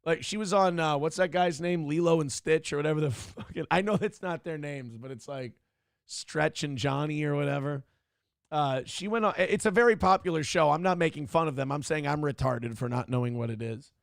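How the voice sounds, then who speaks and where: Livestream host, man, gravelly higher voice, dry close mic, sarcastic and profane, rambling commentary. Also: fairly quick, no echo. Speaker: show host. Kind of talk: casual political commentary livestream.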